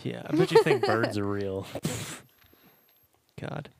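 A man's voice: medium pitch, huge pitch swings, takes it slowly, vocal fry. A man co-hosting a podcast in casual chat, swearing a lot and joking between laughs. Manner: profane, joking, laughs often. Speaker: podcast co-host. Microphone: condenser mic.

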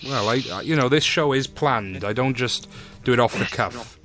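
A man's voice: medium pitch, normal speed, fairly bright tone, soft background music. A man hosting a casual podcast, full of cheeky, teasing banter with his guest on a call. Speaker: podcast host.

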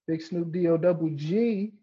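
A man co-hosting a casual music call, introducing tracks in a relaxed, hesitant way with many fillers. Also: on the high side, normal speed, slightly rough. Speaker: co-host who plays songs. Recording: dull lo-fi call audio.

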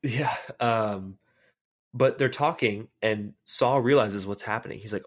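A man co-hosting a casual fan podcast, retelling scenes excitedly with lots of filler words. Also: on the low side, slow pace, pauses often. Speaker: podcast co-host.

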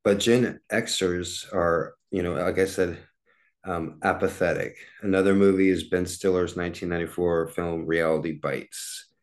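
A man in his forties talks through a solo podcast in a very low voice. He rambles and circles back, filling gaps with fillers and false starts. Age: 40s. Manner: rambling, with many fillers and restarts. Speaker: podcast host. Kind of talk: casual solo podcast monologue.

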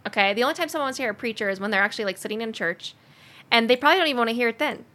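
A woman hosting a casual podcast chat, animated and chatty, with lots of likes and ums. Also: fairly high pitch, rapid-fire. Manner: chatty and animated, many fillers. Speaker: podcast host.

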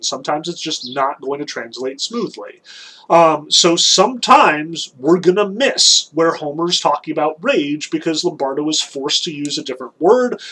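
A man's voice: on the high side, fairly bright tone, breathy edge. A man teaching a class in a casual, chatty lecture style, with frequent ums and likes. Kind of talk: recorded lecture.

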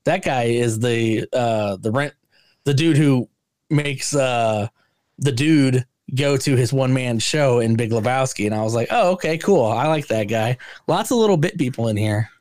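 A man co-hosts a casual movie podcast with a lively, animated delivery. He slips into raised voices to act out lines from the film. His voice sits at a middle pitch and sounds close and dry. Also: moderate pace, dry recording. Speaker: podcast co-host. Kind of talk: casual movie review chat.

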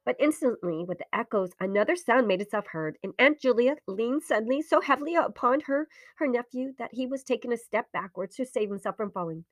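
A woman reading a ghost story aloud in a hushed, dramatic voice. She sits fairly high in pitch, slips into whispers, and slows for suspense. The recording is dry and close. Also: animated, no room sound.

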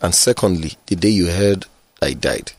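A male interviewer asking questions in a measured, slightly hesitant way. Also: deep voice, no echo.

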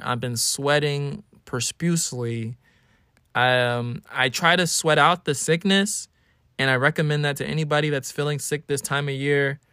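A young man in his twenties talks through a solo podcast episode, animated and storytelling. He now and then slips into exaggerated whiny bits. His voice sits at a middling pitch and is recorded dry and close. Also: clear, resonant tone, no echo. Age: 20s. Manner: animated storytelling, acting out his own whining. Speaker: podcast host. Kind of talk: casual solo podcast monologue.

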